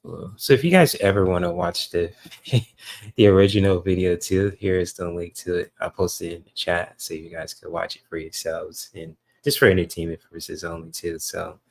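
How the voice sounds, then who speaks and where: A man's voice: low voice, steady tone, normal speed, creaky, low-quality recording. A man hosting a livestream in casual chat, laid-back and rambling with plenty of fillers. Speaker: livestream host.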